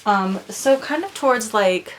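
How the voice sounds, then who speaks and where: A woman's voice: mid-range voice, animated, measured pace. Bubbly young woman rambling casually. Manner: rambling, bubbly, lots of fillers, drops to a whisper at times. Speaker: doll vlogger. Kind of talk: casual chat.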